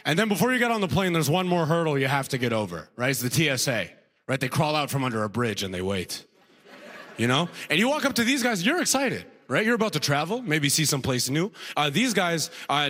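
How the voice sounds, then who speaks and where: A young male comedian works a live stage set in a loose, self-deprecating way, dropping "right?" after his jokes. His voice sits a touch high. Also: very animated, a little fast, fairly bright tone, in a large hall. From Sudan. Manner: conversational, self-deprecating, frequent "right?" tags and laughs. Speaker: stand-up comedian. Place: comedy club stage before a live audience.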